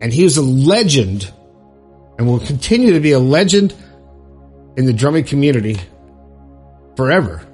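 A middle-aged man from Florida hosting a podcast, telling a personal story in a heartfelt, halting way with pauses and restarts. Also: mid-range voice, sing-song, darkish tone, husky, faint music behind. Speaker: podcast host.

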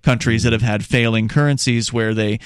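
In casual talk-show chat, a podcast co-host explains things step by step and reads news passages aloud, making small restarts. His voice is fairly low, clear and resonant, with fairly even intonation at a normal speed. It's recorded in studio quality with no room sound.

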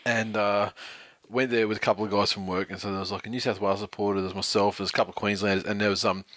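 A man's voice: fairly low pitch, flat delivery, very fast, a bit bright, no echo. An Australian man co-hosting a casual podcast, telling blunt, sweary stories and reading out a listener's email. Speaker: podcast co-host.

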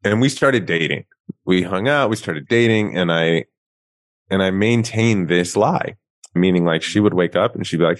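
A man from Queens, a guest author, telling animated, self-mocking stories in a casual interview. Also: sits low, moderate pace, no room sound. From Queens, New York.

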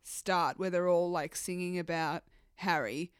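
Giggly woman podcast co-host, smooth voice, dry sound. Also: fairly low pitch, measured pace, no echo. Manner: giggly, reacts with short quips. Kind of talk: casual chat.

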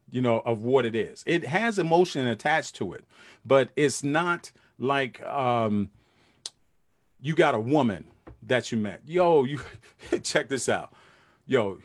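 A man's voice: mid-range voice, dry recording, clean studio sound. A middle-aged man hosting a livestream, talking casually and earnestly to his viewers in loose street slang with lots of fillers. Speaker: livestream host.

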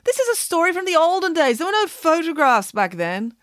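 A woman's voice: very high voice, very animated, fairly quick, fairly bright tone, dry recording, studio quality, pitched above the performer's own voice, exaggerated voice. Woman voicing a bossy pig nanny. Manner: confident, indignant storyteller. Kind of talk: audiobook character voice.

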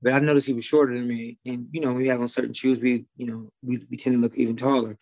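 A man's voice: medium pitch, flat delivery, fast talker, darkish tone, no echo, lo-fi sound. A man from Detroit with a slight Midwest twang, a guest talking casually and rambling with many fillers and restarts. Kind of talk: casual conversation.

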